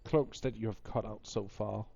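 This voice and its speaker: A man's voice: on the low side, steady tone, normal speed, vocal fry, dark tone, breathy edge, dry recording, highs cut off, soft background music. A man running a tabletop game as game master, explaining and narrating with lots of fillers and rambling restarts.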